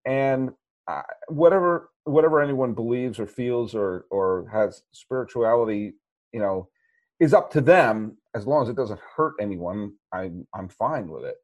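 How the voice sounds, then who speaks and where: A man hosting a sports podcast, talking through a film in a rambling, animated way with many restarts. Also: mid-range voice, unhurried, highs cut off. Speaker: podcast host. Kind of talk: casual movie chat.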